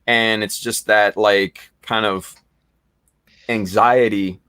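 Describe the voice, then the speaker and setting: A man hosting a casual chat, talking in a rambling, halting way with many fillers. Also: on the low side, level tone, pushed and bright, smooth, dry recording. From United States. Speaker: podcast host.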